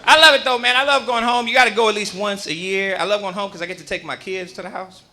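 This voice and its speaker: A male stand-up comedian doing a live set in a comedy club, telling stories in an animated, punchy way on a handheld mic. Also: high-pitched, quick pace.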